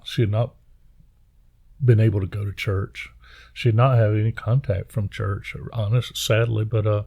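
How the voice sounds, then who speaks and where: A middle-aged pastor, telling personal stories in a jovial, folksy way. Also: male voice, lowish voice, vocal fry, darkish tone, husky. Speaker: pastor and podcast guest. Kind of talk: personal storytelling in conversation.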